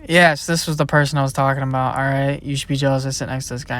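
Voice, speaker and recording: A man's voice: medium pitch, fairly even intonation, quick pace, fairly bright tone. Young male creator, mid-range voice, casual and rambling, trails off. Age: young adult. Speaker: YouTube creator. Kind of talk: casual Q&A chat.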